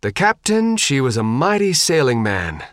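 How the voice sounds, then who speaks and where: A playful young woman crewmate with a sing-song lilt, as a male narrator puts her on. The pitch lifts high and bounces, heard dry and close in an audiobook. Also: lively intonation, slow pace, dry recording.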